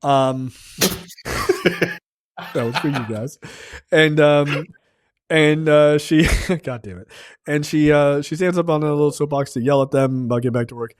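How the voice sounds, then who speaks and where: A man's voice: a little high, measured pace, pauses often, no echo. A man hosting a film review podcast, retelling scenes casually with lots of swearing. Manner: profane, animated scene-by-scene retelling. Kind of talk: casual chat.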